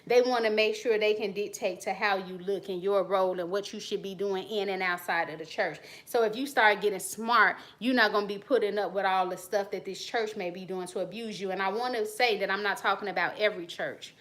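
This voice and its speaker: A woman's voice: mid-range voice, fairly even intonation, a little fast, hardly any pauses, fairly bright tone. A woman hosting her channel, talking bluntly and animatedly to camera. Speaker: channel host. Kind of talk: casual talk to camera.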